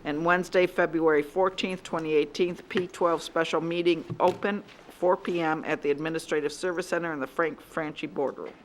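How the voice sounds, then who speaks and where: A woman trustee giving reports and reading out meeting dates at a school board meeting, in a steady listing cadence. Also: low voice, brisk, hardly any pauses, slight background noise. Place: public boardroom.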